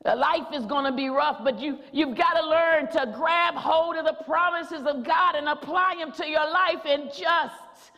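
A woman preacher delivering a rousing sermon in a church, repeating phrases and rising to shouts. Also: high-pitched, unhurried, hardly any pauses, big-room sound. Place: church sanctuary.

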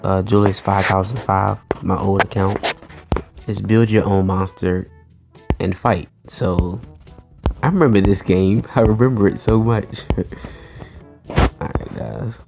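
A man's voice: low voice, steady tone, slow pace, gravelly, pauses often, over music. A man hosting a gaming channel, giving casual, chatty commentary while he plays and often laughing and talking to his viewers.

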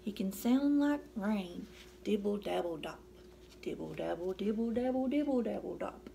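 A woman reads a picture book aloud to young children, taking her time over every page. Her voice is mellow, sits a little high and carries a gravelly fry. She plays out the sound effects and keeps coaxing the little ones to join in. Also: animated, a little slow, pauses often. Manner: playful, acting out animal and noise sounds; coaxing questions to young listeners. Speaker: storytime reader.

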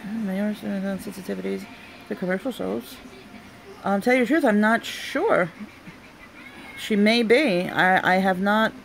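Chatty, excitable young woman unboxing live. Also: medium pitch, creaky, a little hiss or hum. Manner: chatty and excitable, frequent delighted exclamations; breaks off to talk to family off camera. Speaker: unboxing vlogger hosting a live stream. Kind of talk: casual live unboxing chat.

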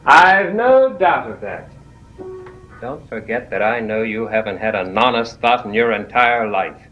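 An actor playing a scheming, menacing grandson in a 1960s TV soap drama, with music behind. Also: male voice, medium pitch, expressive, unhurried, a bit bright, low-quality recording. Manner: menacing, sneering.

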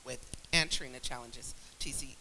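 A man moderates a conference panel in a measured way, setting up the next round of questions. His voice has a very bright, forward tone, and faint noise runs under it. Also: mid-range voice, gravelly, low-quality recording.

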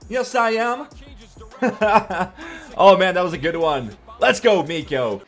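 Hyped young man yelling over gameplay. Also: sits high, lively intonation, slow. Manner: hyped, yelling at big plays, swearing jokingly. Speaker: gaming YouTuber. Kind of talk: excited gameplay commentary. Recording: faint music behind.

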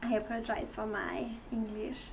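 A woman's voice: mid-range voice, fairly even intonation, normal speed, vocal fry, recorded from a distance, slight background noise, rough recording. A young woman from France with a French accent, a mission team leader giving an earnest, hesitant testimony with many fillers. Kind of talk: testimony to supporters.

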